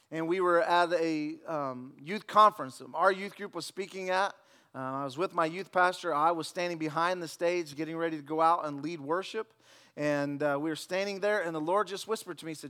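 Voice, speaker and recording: Lively and joking, a male pastor tells stories in his sermon, repeating words and suddenly dropping to a near hush. His voice is on the high side.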